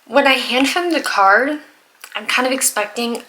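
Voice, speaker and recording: A young woman vlogger telling exasperated, animated stories about customers at work in a casual storytime while doing her makeup. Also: a little high, a little slow, rough recording. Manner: exasperated, animated retelling with laughs and sighs. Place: home, getting ready in front of the camera.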